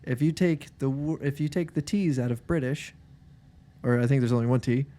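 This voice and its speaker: A man's voice: medium pitch, normal speed, dark tone. A man co-hosting a podcast in laid-back, joking casual chat. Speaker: podcast co-host.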